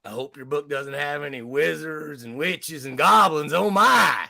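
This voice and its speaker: A man's voice: fairly high pitch, a little slow, vocal fry, bright, forceful tone, heavily acted. A man voicing an angry, hotheaded male match who bullies and bans books, reading aloud in a playful children's-book style.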